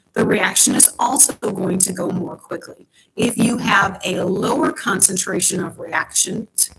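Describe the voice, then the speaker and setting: A woman's voice: mid-range voice, fairly bright tone, a little hiss or hum, low-quality recording. A woman chemistry teacher giving an online class from home, explaining step by step with frequent ums. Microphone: home computer mic on a live stream.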